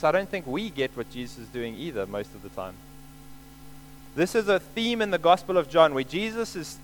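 A man's voice: a little high, poor audio. A man preaching a sermon, explaining scripture earnestly and repeating key points for emphasis.

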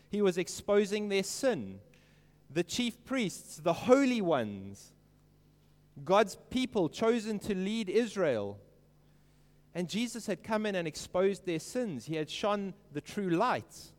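A man preaching an earnest sermon, stressing quoted lines slowly and emphatically. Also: high voice, big-room sound.

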